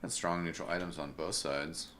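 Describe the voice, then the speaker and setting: A man casually commenting on a video game match as a streamer, chatty and relaxed, full of fillers and greetings to viewers. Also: low-pitched, moderate pace, a little hiss or hum. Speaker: esports caster and streamer.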